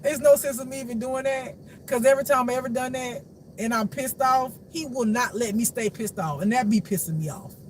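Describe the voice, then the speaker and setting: Blunt, profane spiritual talker over noisy hum. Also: a little fast. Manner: blunt, profane, laughing, swings from low mutters to shouts. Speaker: spiritual life teacher and reader. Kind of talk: casual unscripted monologue.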